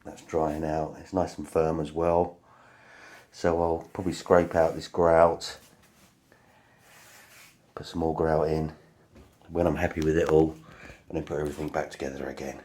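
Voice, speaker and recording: Deep-voiced man chatting through a repair. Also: little pitch movement, moderate pace, pauses often, a little mellow. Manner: chatty, self-mocking, playfully melodramatic. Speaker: vlogger doing home repairs. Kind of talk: casual DIY vlog talk.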